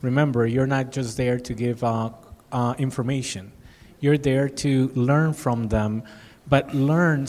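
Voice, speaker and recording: A man's voice: fairly high pitch, darkish tone, long reverb tail. A man teaching in an earnest, advisory way during a panel discussion, often repeating words as he goes. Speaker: pastor teaching evangelism. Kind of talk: instructive discussion.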